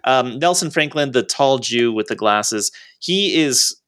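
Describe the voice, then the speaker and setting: A man's voice: mid-range voice, animated, a little slow, a bit bright, dry recording, clean studio sound. A man co-hosting a movie podcast in casual chat, talking with lots of fillers and restarts. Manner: hesitant, many fillers and restarts. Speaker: podcast co-host.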